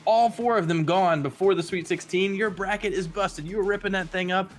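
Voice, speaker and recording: A man's voice: high voice, a little fast, faint music behind. A man co-hosting a bracket pool recap, trading wry teasing remarks in casual banter. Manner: wry, teasing, short interjections.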